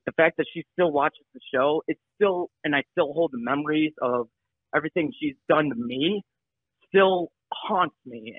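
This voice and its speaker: A man talking casually over a phone call, halting and restarting as he explains and apologizes. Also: on the high side, no room sound. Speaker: show regular. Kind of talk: casual chat. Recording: tinny phone line.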